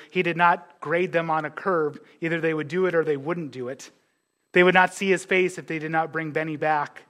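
High-voiced man preaching a lively sermon. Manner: animated, acts out biblical characters' words; conversational, restarts and asides. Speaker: pastor.

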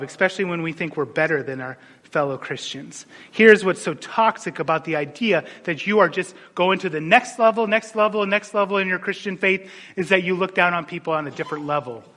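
A man preaching a sermon, animated and storytelling, dropping suddenly into quiet asides. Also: high-pitched. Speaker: pastor. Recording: long hall reverb.

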